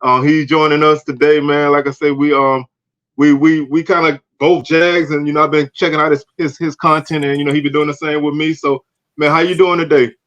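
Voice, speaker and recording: A man's voice: on the high side, flat delivery, brisk, a bit bright. A man hosting a casual online show, laid-back and dropping "man" into his sentences. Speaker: host. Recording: dull lo-fi audio.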